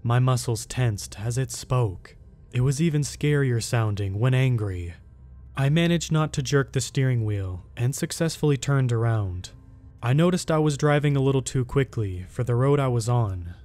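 A man reading a first-person horror story aloud as a scripted narration, in a slow, hushed storytelling manner. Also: mid-range voice.

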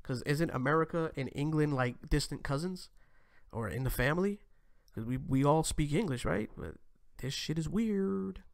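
A man hosting a casual commentary show, reacting to clips in a loose, profane, animated way. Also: a little high, normal speed, gravelly. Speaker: host.

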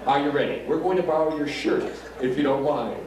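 This fast-talking Detroit performer, with a slightly high voice, does magic and stand-up comedy in a casino showroom while joking and bantering with the crowd. The live room echoes, the crowd is loud and noisy, and the mic is far off.

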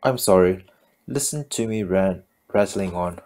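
A man's voice: deep voice, unhurried, a little mellow. Man putting on a gushing sing-song British lady. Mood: sheepish teasing. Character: cheerful chatty middle-aged British woman.

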